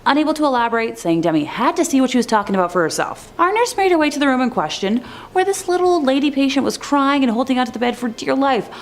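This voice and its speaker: A woman's voice: high voice, animated, fast talker. A woman narrating scary stories in a chatty, scripted way with wry asides.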